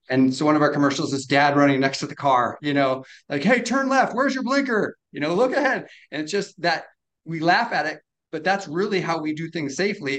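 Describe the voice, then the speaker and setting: A man being interviewed on a podcast, explaining his invention in a quick, casual way. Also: on the high side, a bit bright, poor audio. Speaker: product inventor, interview guest.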